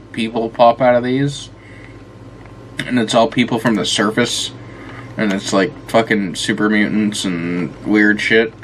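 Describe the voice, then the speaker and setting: A man's voice: on the low side, a bit bright, a little hiss or hum. A man giving casual let's-play commentary, rambling and swearing often as he talks to the game, tired and yawning. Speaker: gameplay commentator.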